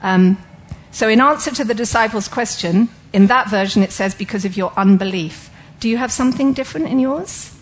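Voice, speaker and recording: A woman's voice: on the high side, a little fast, hardly any pauses, rough recording. A woman giving an interactive sermon, asking listeners questions and explaining ideas step by step. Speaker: Bible teacher.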